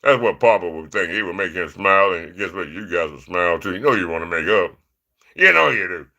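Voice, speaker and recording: A man's voice: sits low, fast, bright, forceful tone. A man talking to his viewers in a loose, rambling monologue, peppered with "man" and "you know". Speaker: vlogger.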